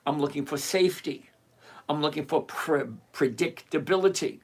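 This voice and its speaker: A man's voice: a little high, moderate pace, husky. An older retired man hosting a live stream, chatting casually and emphatically as he answers viewers by name. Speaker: livestream host answering viewer questions.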